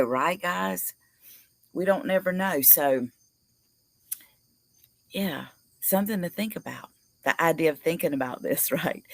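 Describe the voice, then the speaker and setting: A woman's voice: lowish voice, creaky, no room sound. A woman hosting a live recovery stream as a peer support host, teary and affectionate, rambling with many fillers. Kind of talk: casual live-stream talk.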